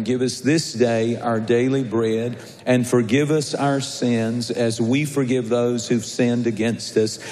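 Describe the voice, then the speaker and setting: Pastor preaching in an echoing church. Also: male voice, medium pitch, a little mellow. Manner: conversational and jovial, rising to a fervent read. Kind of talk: sermon. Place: large church sanctuary. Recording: echoey church hall.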